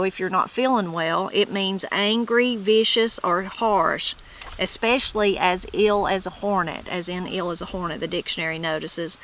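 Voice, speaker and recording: A woman's voice: mid-range voice, bright, forceful tone, slight background noise, poor audio. A woman with a Southern Appalachian accent reads dictionary entries aloud and then comments on them chattily as a channel host. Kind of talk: casual explanation of regional words.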